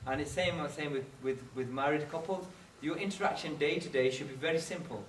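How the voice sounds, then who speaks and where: A man's voice: a little high, fairly quick, a little hiss or hum. A man speaking to a congregation, mixing English with phrases and acting out quoted voices. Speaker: Sikh religious speaker. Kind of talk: talk to a congregation. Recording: roomy hall, from a distance.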